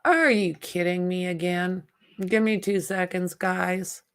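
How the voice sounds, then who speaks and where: Slow, gravelly-voiced woman hosting a livestream. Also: lowish voice, steady tone, a bit bright. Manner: chatty, reads out and greets viewer comments; outspoken and exasperated with spam commenters. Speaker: livestream host. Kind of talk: casual true-crime livestream commentary.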